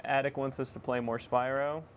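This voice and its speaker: A young man casually chatting to viewers on a live stream while repairing a console, excitable and swearing freely. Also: mid-range voice, moderate pace, faint music behind. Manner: excitable, swears, self-deprecating laughs.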